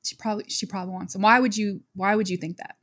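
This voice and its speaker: A woman co-hosting a casual podcast in a mid-range voice. She talks in a measured, matter-of-fact way and lays out questions and stories plainly. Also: medium pitch, fairly even intonation, a bit bright. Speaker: podcast co-host. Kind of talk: casual chat.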